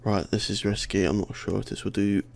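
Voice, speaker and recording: Young man, lisp, low and heavily gravelly, tired worn voice; casual self-deprecating tutorial host thinking aloud, keyboard clicking behind. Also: flat delivery, brisk, darkish tone. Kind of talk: casual screen-recorded software tutorial. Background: keyboard clicks and typing.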